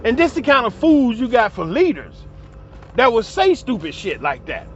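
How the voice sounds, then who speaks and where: A man with a high-pitched voice rants passionately, swearing freely and getting heated as he talks. The recording sounds a little dull and lo-fi, with faint street and traffic noise in the background. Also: wildly swooping pitch, normal speed. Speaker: commentary vlogger. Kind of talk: ranting commentary.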